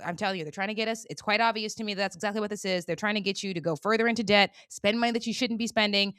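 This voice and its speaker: A woman hosting her own channel, talking through a casual commentary monologue in an animated, emphatic and colloquial way. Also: medium pitch, no room sound, studio quality. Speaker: channel host.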